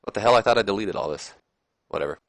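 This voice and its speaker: A man narrating a wrestling simulation for his gameplay channel in a casual, rambling way, dropping jokey asides. His voice sits somewhat low and sounds dry and close. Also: expressive, racing, no echo. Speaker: game channel host. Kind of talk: let's play commentary of a wrestling sim.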